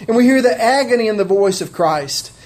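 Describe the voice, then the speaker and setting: A man's voice: sits high, animated, a little fast, a little mellow. A man preaching a sermon, conversational and heartfelt, often asking his listeners questions. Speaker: pastor.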